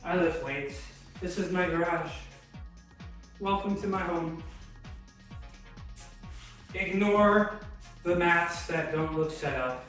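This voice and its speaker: A man's voice: a little high, slow, pauses often, fairly bright tone, heavy reverb, far from the mic, soft background music, rough recording. A man streaming from his home garage gym, chatting casually with viewers between lifts, out of breath and laid-back. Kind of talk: casual chat with live chat while lifting.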